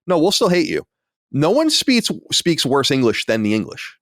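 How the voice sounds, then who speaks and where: A man's voice: fairly high pitch, huge pitch swings, normal speed, fairly bright tone, dry recording, studio quality. A man in his late thirties or forties hosting a podcast, chatting in a casual, self-deprecating way. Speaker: podcast host. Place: home studio.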